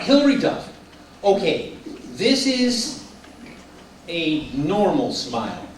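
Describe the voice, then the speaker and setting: Middle-aged man, high voice, upbeat storytelling preacher, distant mic, echoey room. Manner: lively storyteller, laughs along. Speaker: speaker addressing a group. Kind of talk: casual sermon-style talk with stories. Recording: roomy, distant mic, faint room noise.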